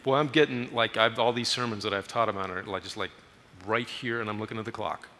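A man preaches a guest sermon, telling stories with animation and pushing his voice up for emphasis. His tone is bright and forward. The sound rings with a long church reverb, and there is faint room noise behind him. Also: lowish voice, quick pace. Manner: animated storytelling, raises voice for emphasis. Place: church sanctuary.

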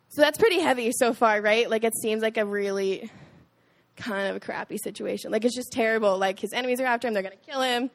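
A woman's voice: fairly high pitch, a little fast. A young woman, a small group leader, giving a casual, chatty Bible talk to a youth group, with many filler "likes".

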